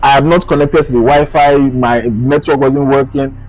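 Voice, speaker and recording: A young man from Nigeria with a Nigerian accent, animatedly retelling a personal story as a vlogger, dropping to a hush and rising with excitement. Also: mid-range voice, moderate pace, low-quality recording. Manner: animated, swings between hushed and excited retelling. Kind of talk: casual storytelling to camera.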